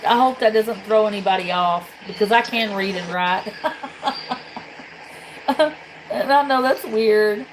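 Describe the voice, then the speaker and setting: A woman's voice: medium pitch, a little slow, long pauses, a little hiss or hum, low-quality recording. A woman from Tennessee with a Southern accent, chatting bluntly and casually to her livestream viewers and swearing freely. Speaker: livestream host.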